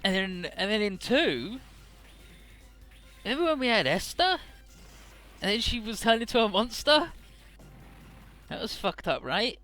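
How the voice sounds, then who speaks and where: A man's voice: high voice, sing-song, a little slow, pauses often, pushed and bright, soft background music. A young man giving casual, rambling and profane commentary over a video game playthrough. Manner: rambling, profane, jokey retelling. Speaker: Let's Play commentator.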